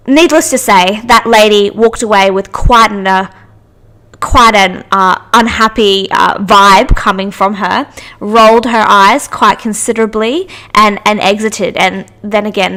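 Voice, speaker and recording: A young woman hosts a podcast in a medium-pitched, sharp-toned voice. She works through anecdotes in a casual storytelling monologue, frequently restarting her sentences.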